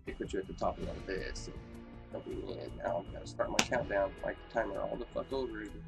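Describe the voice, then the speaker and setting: A man's voice: lowish voice, quick pace, gravelly, loud music behind the voice. A man streaming live who chats casually and reacts to his friend's story with short laid-back replies.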